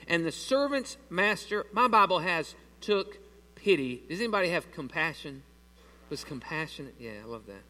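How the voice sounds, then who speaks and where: A man preaching a sermon to his church, animated and asking the congregation questions as he reads through scripture. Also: sits high, normal speed. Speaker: pastor. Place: church sanctuary. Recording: long reverb of a large hall.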